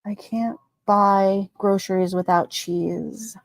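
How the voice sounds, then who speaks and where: A woman hosting a casual livestream, reading viewer comments aloud and chatting about them in an animated way, laughing often. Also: mid-range voice, slow, no room sound. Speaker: livestream host.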